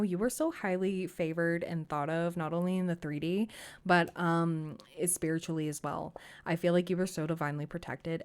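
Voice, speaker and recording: An effusive woman reads tarot cards for her viewers in a relaxed, chatty way. Her voice sits a little lower than most women's. She keeps reassuring the listener and breaks into quick exclamations as she goes. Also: clear, resonant tone. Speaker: tarot reader. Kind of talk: casual tarot reading to camera.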